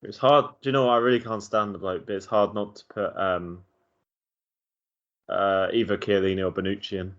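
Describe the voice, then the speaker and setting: A man's voice: lowish voice, fairly even intonation, normal speed, a bit bright, highs cut off. A man co-hosting a casual football podcast over a call, teasing with dry jokes. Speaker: podcast co-host.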